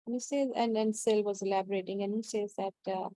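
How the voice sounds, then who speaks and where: A woman in a group discussion, sharing her view earnestly and haltingly, with frequent restarts. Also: medium pitch, steady tone, dark tone, dry recording.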